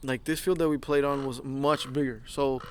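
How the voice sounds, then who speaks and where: A young man co-hosting a podcast, telling animated, profanity-filled stories and acting out what people said. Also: medium pitch, normal speed, clean tone. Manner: animated storytelling, heavy swearing, acts out quotes. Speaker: podcast co-host. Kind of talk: casual chat.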